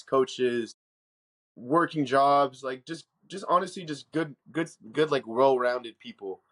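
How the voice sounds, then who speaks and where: A man's voice: medium pitch, a bit bright. A young man calling in by phone to a podcast, earnest and grateful, rambling a bit. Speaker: podcast guest, powerlifter. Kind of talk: casual chat. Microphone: phone call.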